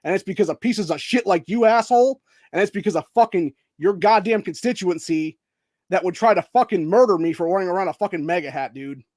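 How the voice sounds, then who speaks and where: High-voiced guy ranting mad and swearing nonstop, dry close mic. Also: a little mellow, dry recording. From Ohio. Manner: heated, profane, says dude constantly. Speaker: host. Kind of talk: angry political rant.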